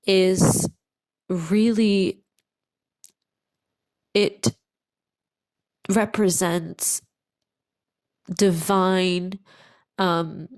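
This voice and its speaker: A woman giving a channeled tarot reading to her viewers, speaking slowly and soothingly and repeating phrases for emphasis. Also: on the low side, dry recording, low-quality recording. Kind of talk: channeled pick-a-card reading to camera.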